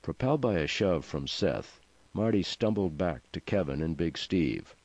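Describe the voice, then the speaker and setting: A man's voice: low-pitched, expressive, normal speed, a little mellow, no room sound. A man narrating an audiobook with a dry, wry delivery. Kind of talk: scripted narration. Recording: dull dry studio sound.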